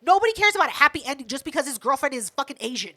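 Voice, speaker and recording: A woman co-hosting a podcast, telling a story in a casual, animated rant full of swearing. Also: sits high, racing. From United States. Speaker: podcast co-host. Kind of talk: casual chat.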